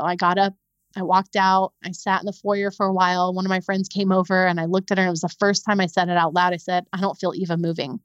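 A woman's voice: medium pitch, dry recording, lo-fi sound. Woman telling a painful story. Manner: halting, repeats words when upset. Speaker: podcast guest. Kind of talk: emotional personal storytelling.

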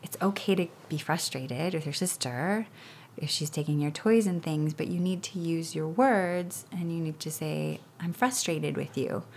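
A woman in her thirties chatting as a guest, telling lively stories and acting out what others said. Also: low-pitched, moderate pace, a little hiss or hum. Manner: animated storytelling with laughs and acted-out quotes. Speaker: guest parent. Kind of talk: casual interview chat.

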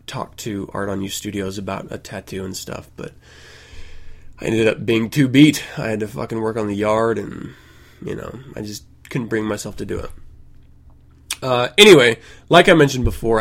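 A man hosting his own podcast, talking casually and ranting with plenty of profanity, getting loud and exasperated. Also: mid-range voice. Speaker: podcast host. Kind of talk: casual solo podcast rant.

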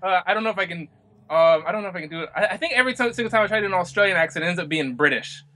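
Bright-voiced, giggly American man. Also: high voice, animated, very fast. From Oklahoma, USA. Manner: giggly, rambling, lots of fillers. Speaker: podcast host. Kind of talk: casual chat.

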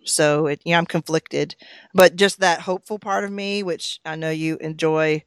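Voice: mid-range voice, fairly even intonation, normal speed, no room sound. A podcast co-host in a casual chat about a TV episode, working through numbered questions with an easygoing manner and frequent chuckles.

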